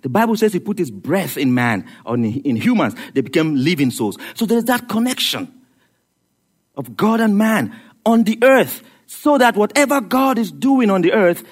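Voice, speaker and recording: Male preacher, high voice, lively rhetorical sermon delivery. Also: moderate pace, slightly rough. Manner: animated, rhetorical, laughs at his own jokes.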